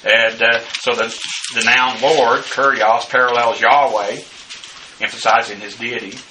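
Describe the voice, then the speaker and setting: A man teaching a bible study, working through numbered points in a halting way full of filler sounds. His voice is very bright and cutting. He sounds set back from the mic, with a faint hiss of noise behind him. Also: mid-range voice, distant mic, poor audio. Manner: halting, many filler uhs. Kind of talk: bible study lecture reading numbered notes.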